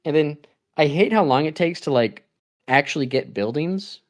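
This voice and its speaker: A man's voice: fairly high pitch, expressive, moderate pace. A young man co-hosting a gaming podcast, chatting casually in a rambling way, laughing often and acting out his own reactions. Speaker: podcast co-host.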